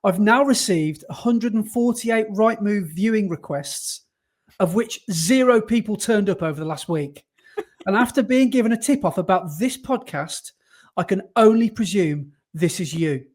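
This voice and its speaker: A man co-hosting a podcast, chatting casually and reading listener emails aloud, animated and quick to laugh. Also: high-pitched. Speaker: podcast co-host.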